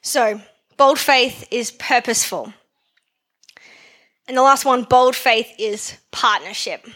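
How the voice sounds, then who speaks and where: A woman's voice: a little high, slow pace, a bit bright. A woman preaching a sermon in a conversational way, asking her listeners questions and repeating phrases for emphasis. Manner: conversational, asks the congregation questions.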